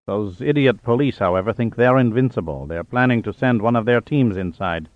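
A man voicing a young navy dive officer, speaking in a solemn, measured way. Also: mid-range voice, no room sound, phone-quality sound, lightly acted.

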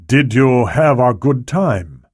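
A man voicing a calculating, controlled male plotter who speaks slowly and in a measured way. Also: medium pitch, expressive, breathy edge, no room sound, studio quality.

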